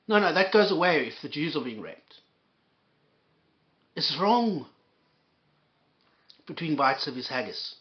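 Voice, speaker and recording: A man's voice: fairly high pitch, big pitch swings, a little slow, long pauses, muffled recording. A man hosting an angry reaction commentary, ranting and swearing, often stammering over his words. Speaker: commentary host.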